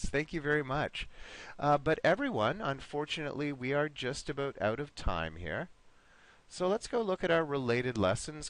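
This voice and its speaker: A man leads a live online class, his voice rising and falling in a lively, animated way. He speaks encouragingly, calls on students by name, and slows down to model words clearly. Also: on the high side, no echo. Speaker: online English teacher.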